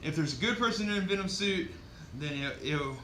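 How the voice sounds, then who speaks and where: A man's voice: fairly high pitch, expressive, fairly quick, a bit bright, slight background noise. A man casually recapping a comic book, rambling with lots of fillers and swearing.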